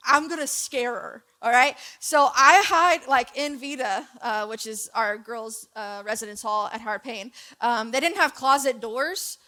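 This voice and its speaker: Bright high-voiced young woman preaching casually. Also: measured pace, few pauses. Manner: chatty, jokey storyteller. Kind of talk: casual church sermon.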